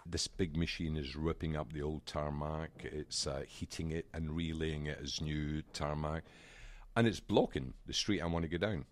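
A middle-aged man on a podcast, telling an animated, exasperated anecdote in casual chat. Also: extremely low pitch, moderate pace. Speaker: podcast co-host.

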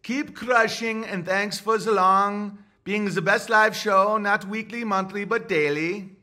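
A man's voice: high-pitched, steady tone, slow pace, bright, forceful tone, voice pushed up, exaggerated voice. A man voicing a playful, exaggerated mock French reader as he reads a viewer message aloud.

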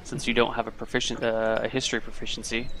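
A man narrating as game master in a tabletop role-playing game, relaxed and halting, with many fillers. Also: medium pitch, a little hiss or hum.

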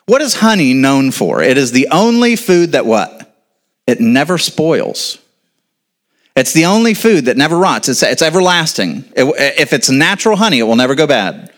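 A male pastor with a fairly high, bright, very animated voice preaches a sermon to his congregation at a moderate pace. His style is casual: he quizzes listeners, answers his own questions, and drops in informal asides.

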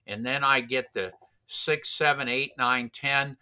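A man tells a long anecdote in a casual, rambling way, circling back with restarts and fillers. He talks slowly, and his voice has a very bright tone. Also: mid-range voice, fairly even intonation, smooth. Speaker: racing driver instructor. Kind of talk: casual storytelling.

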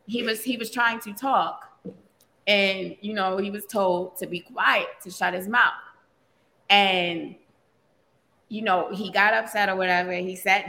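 A woman's voice: mid-range voice, creaky. A woman co-hosting a casual talk show, telling a family story with laughter and acted-out quotes. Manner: animated storytelling, laughs often, acts out quotes. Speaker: podcast co-host, mother. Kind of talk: casual chat.

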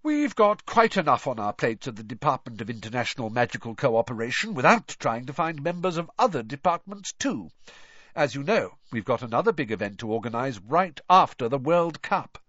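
A man's voice: mid-range voice, very animated, fairly quick, a bit bright, dry recording, highs cut off, pitched above the performer's own voice. Man doing a pompous young official. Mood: self-important. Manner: sanctimonious, self-important.

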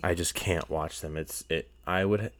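A young man hosting a solo podcast, rambling in casual chat and getting heated, sometimes close to yelling. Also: deep voice, fairly even intonation, moderate pace, dry recording. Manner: rambling, heated, rises to near-yelling when retelling anger. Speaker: podcast host.

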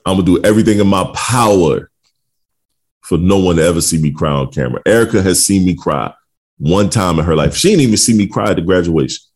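A middle-aged man with a very deep, low voice co-hosts a podcast. He talks in a loose, rambling way, full of "um"s and "you know"s, and he laughs easily. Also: lively intonation, fast, a little mellow, husky. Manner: laid-back, rambling with many fillers and laughs. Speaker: podcast co-host. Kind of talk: casual chat.

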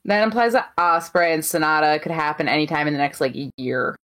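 A woman's voice: sits low, lively intonation, a little fast, a bit bright. Woman co-host in casual podcast chat.

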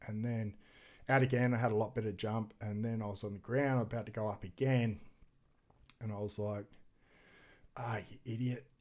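An extreme sports athlete appears as a podcast guest, his voice on the low side and brisk. He tells a story casually and animatedly, imitating quoted voices and swearing liberally.

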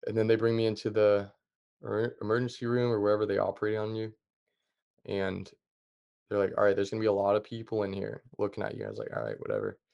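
Gravelly low-voiced man, calm storyteller. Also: fast talker, lo-fi sound. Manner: calm, plain retelling with many fillers. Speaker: podcast guest. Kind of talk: casual storytelling.

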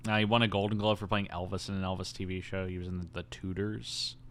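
Male podcast co-host, lower voice, lively movie-recap chatter. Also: fast talker, slight background noise. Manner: animated storytelling, acts out quoted lines with silly voices; laughs often. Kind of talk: casual chat.

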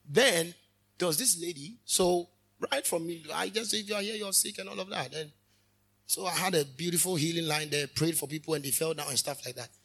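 A man preaching a sermon as a minister, fervent, with sudden loud rises and quick asides. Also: a little high, breathy edge.

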